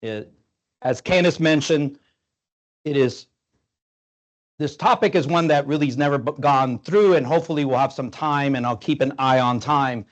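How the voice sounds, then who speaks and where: A man's voice: medium pitch, moderate pace, long pauses. A man in his fifties giving a conversational grand-rounds lecture to doctors, with rhetorical questions and some fillers. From Tampa, Florida.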